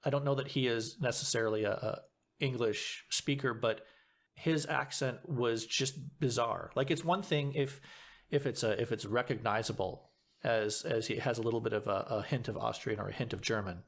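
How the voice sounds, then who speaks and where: A man chatting on a podcast as the guest, and his voice sits at an ordinary middle pitch. He thinks aloud, stops partway through phrases and starts them again before he finds his point. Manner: thoughtful, halting, frequent restarts. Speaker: guest actor. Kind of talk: casual podcast chat.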